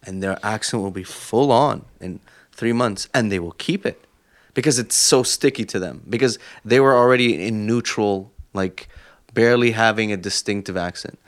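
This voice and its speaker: A man's voice: on the low side, moderate pace. A man co-hosting a podcast, explaining his views at length with examples in casual chat. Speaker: podcast co-host.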